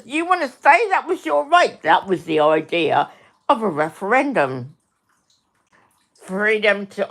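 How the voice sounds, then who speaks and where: A middle-aged woman on a home livestream, talking slowly and deliberately but heated throughout. She swears freely, repeats herself, and keeps turning to address her viewers by name. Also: mid-range voice, a bit bright. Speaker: livestream host. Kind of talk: angry livestream rant.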